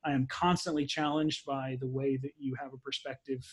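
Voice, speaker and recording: A man's voice: mid-range voice, flat delivery, fairly quick, husky. A man hosting a podcast, bantering and teasing his guest in casual chat. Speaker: podcast host.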